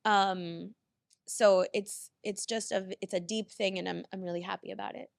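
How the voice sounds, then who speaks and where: A woman's voice: medium pitch, fairly even intonation, moderate pace, gravelly, no room sound, clean studio sound. A woman guest on a podcast, telling a heartfelt, rambling story in casual chat.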